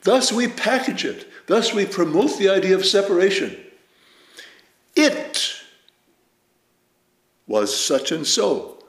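A man giving a Zen dharma talk as teacher, measured and reflective, telling stories with lively emphasis. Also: high voice. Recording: roomy echo.

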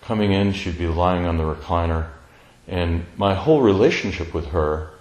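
A man telling a personal family story in a slow, tender, reflective way, pausing often. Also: low voice, a little mellow, echoey room, poor audio. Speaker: speaker sharing a personal story.

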